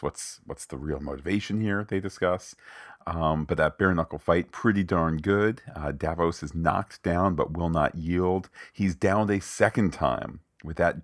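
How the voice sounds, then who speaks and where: A man with a very low, deep voice walks through an episode's scenes in a casual recap. He is wry and digressive, dropping in quoted lines as he goes. His voice sits close and dry, with no room around it. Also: no room sound. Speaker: podcast co-host.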